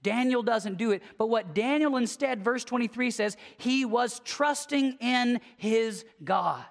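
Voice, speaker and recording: Preacher, mid-range voice, punchy sermon delivery that drops to a hush; church with long reverb. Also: mid-range voice, a little slow, gravelly. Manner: conversational, emphatic, with sudden swings from lively to hushed.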